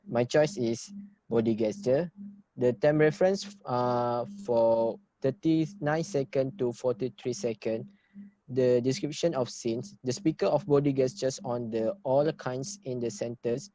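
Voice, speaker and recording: A man's voice: medium pitch, fairly even intonation, a little slow, mellow, dry recording, rough recording. Young man. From Malaysia. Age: young adult. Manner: reads from notes, hesitant with fillers and restarts. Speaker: university student presenter. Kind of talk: class presentation.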